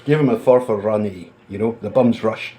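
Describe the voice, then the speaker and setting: A man's voice: lowish voice, brisk, warm tone, rough recording. Blunt, combative man. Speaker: commentator. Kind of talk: casual commentary to camera.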